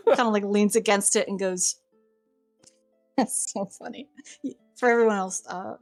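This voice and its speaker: A woman's voice: mid-range voice, measured pace, darkish tone, faint music behind. A woman narrating as game master in a tabletop game, chatty and full of fillers. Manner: chatty, giggly, many fillers.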